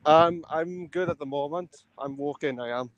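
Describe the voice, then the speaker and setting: Male stream guest, slightly high, smooth voice, halting delivery. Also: no echo, highs cut off. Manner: hesitant, fumbling with his phone camera. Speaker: livestream guest. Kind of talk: casual chat.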